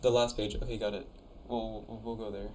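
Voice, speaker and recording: A man's voice: on the low side, little pitch movement, a little fast, darkish tone, a little hiss or hum. Laid-back young man chatting on stream. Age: young adult. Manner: chatty, laid-back, reads chat aloud. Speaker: streamer reviewing viewers' conlangs. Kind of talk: casual live-stream chat.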